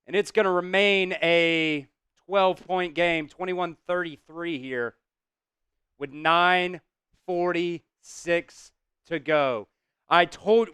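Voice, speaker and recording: A man hosting a live stream, calling plays casually, reacting loudly, swearing and talking to his chat. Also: high voice, unhurried, smooth, no room sound, clean studio sound. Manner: excitable, swears, talks to chat. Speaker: host doing live play-by-play.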